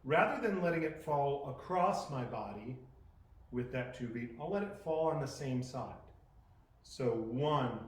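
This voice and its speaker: A man's voice: mid-range voice, lively intonation, normal speed. A man instructing a beginner poi class, thinking aloud as he demonstrates and correcting himself as he goes. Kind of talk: live class teaching. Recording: roomy echoing sound.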